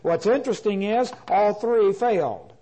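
A man with a high-pitched voice teaches a Bible class. He speaks deliberately, repeats and restates his points, and pauses on "uh" between phrases. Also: dark tone, low-quality recording.

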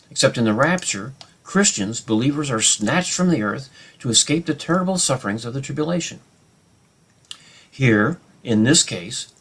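A man teaching a Bible study lesson off the cuff, pausing and restarting often with many fillers. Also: medium pitch, a bit bright.

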